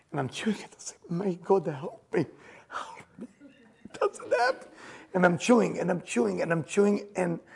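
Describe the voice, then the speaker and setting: A man's voice: on the high side, vocal fry, husky. A man teaching a group about the Passover seder. He tells stories with humor, laughs often, and raises his voice for emphasis. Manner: animated storyteller, laughs and jokes, shouts for emphasis. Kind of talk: lively teaching talk to a group.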